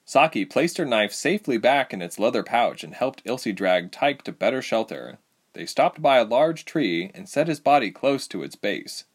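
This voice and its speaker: A man narrating a chapter of a novel as an audiobook, reading in a lively, expressive way. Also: on the low side.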